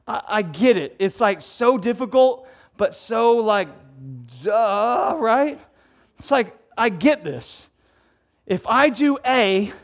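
High-voiced man preaching a sermon. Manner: conversational, emphatic preaching with rhetorical questions. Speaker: pastor.

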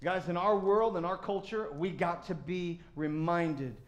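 A man preaching a sermon as pastor, animated and acting out voices of crowds and of God. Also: high-pitched, unhurried, reverberant.

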